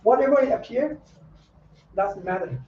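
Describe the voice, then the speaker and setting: A man who is a Buddhist monk giving a meditation talk to students, in halting non-native English, repeating key words. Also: high-pitched, expressive, darkish tone, slight background noise. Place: meditation center. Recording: echoey, dull, from far off.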